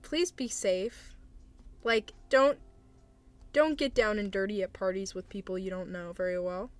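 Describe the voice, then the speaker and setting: A woman's voice: mid-range voice, unhurried. A young woman streamer giving casual advice to chat, hesitant and apologetic, with awkward laughs.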